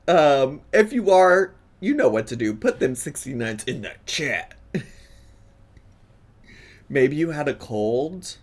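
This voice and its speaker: A man's voice: mid-range voice, sing-song, slow, pauses often. A man in his thirties giving casual, playful reaction commentary, laughing often. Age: 30s. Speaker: YouTube reaction host.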